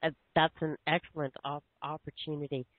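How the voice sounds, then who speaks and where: A woman podcast host asking questions in a phone interview, halting with fillers and restarts. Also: low-pitched, level tone, no room sound. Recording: tinny phone line, dry.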